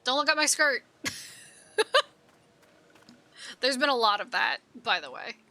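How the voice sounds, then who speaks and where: A woman's voice: sits high, big pitch swings, slow, pushed and bright. A young woman streamer chatting with jokes and swearing during live game commentary. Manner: joking, swearing, giggly asides.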